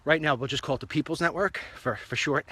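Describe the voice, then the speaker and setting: A man's voice: a little high, fast talker, pushed and bright, husky. A man hosting his own online show, chatting in a rambling, upbeat way while walking outdoors along a street. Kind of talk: casual walk-and-talk monologue.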